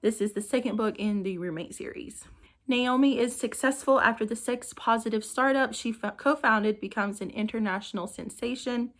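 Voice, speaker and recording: A woman's voice: a little high, moderate pace. A woman reading out short book summaries for her channel, evenly, with small slips and restarts. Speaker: book reviewer. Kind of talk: reading book blurbs to camera.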